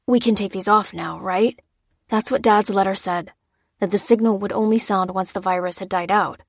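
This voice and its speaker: A woman's voice: medium pitch, fairly even intonation, moderate pace, dry recording, lightly acted. A cautious young man in a storybook who talks tentatively, as a woman narrator puts him on, in a mid-range voice close to her own. The reading sounds dry and close. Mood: hesitant.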